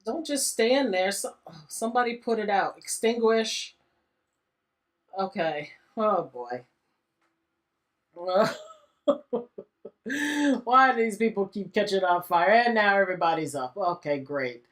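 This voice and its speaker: Woman, let's-play host, chatty and exasperated, mid pitch. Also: animated, takes it slowly, long pauses. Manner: chatty, exasperated, often laughing. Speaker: gaming channel host. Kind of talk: casual let's-play commentary.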